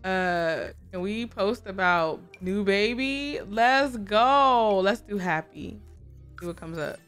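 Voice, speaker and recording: A woman, hosting a casual, excitable let's-play and chatting to viewers as she plays. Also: medium pitch, slow, clear, resonant tone, soft background music. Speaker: gaming video host. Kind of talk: casual game commentary.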